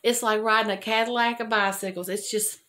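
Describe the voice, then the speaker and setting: A woman's voice: a little high, steady tone, brisk, bright, forceful tone. An older woman vlogger telling a rambling, chatty story to her viewers and laughing at her own jokes. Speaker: homesteading vlogger.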